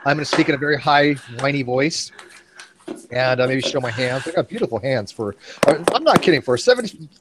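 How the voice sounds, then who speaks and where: A man's voice: mid-range voice, expressive, brisk, heavy background noise. A man in his forties hosting a casual panel chat, rambling and joking at his own expense. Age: 40s. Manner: rambling, joking, self-mocking. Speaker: host.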